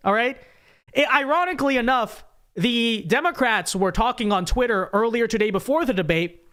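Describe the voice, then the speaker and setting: A man's voice: high voice, fairly bright tone. A young man hosting a casual live reaction show, rambling and emphatic as he talks straight to his viewers. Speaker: political commentary host.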